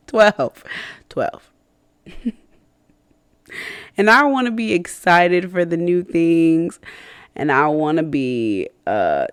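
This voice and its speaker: A woman's voice: fairly low pitch, clean tone, dry recording, clean studio sound. A woman hosting a personal faith podcast, talking candidly and reflectively, with many fillers and restarts and self-conscious laughs between thoughts. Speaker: podcast host.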